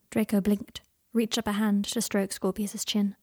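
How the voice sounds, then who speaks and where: A woman reading a story aloud in a soft-spoken way that often drops into whispers. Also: mid-range voice, flat delivery, normal speed, dry recording, studio quality. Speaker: reader. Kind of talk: reading fan fiction aloud.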